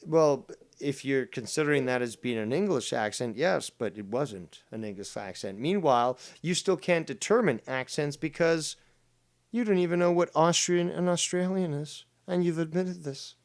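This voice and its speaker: Male host, a bit high-pitched, combative and mocking in a heated argument. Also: normal speed. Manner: combative, mocking, talks over the other. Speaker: show host. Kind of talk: heated argument on a live stream.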